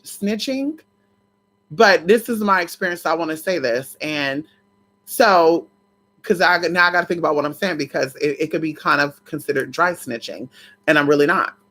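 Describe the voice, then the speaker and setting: A woman vlogger casually tells her viewers a personal story, animated and swearing a lot, often calling them "y'all." Her voice is lowish and her pace moderate.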